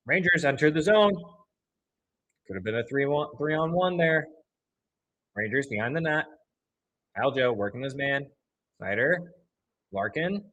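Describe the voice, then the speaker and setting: A young man hosting a fan livestream, calling the game play by play, partisan and quick to swing from flat calls into loud outbursts at the refs. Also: mid-range voice, muffled recording. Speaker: livestream host.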